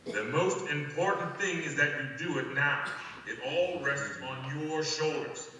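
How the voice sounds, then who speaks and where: A man playing a calm, secretive guide who gives measured, deliberate instructions in a scripted audio play. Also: fairly high pitch, slight background noise. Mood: calm, instructive. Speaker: phone play narrator. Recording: echoey hall, voice from far off, faint ambience.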